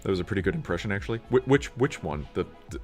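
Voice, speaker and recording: Animated, ranting male streamer. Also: sits low, very fast, faint music behind. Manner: animated, ranting, laughs often, lots of fillers. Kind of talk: casual livestream chat.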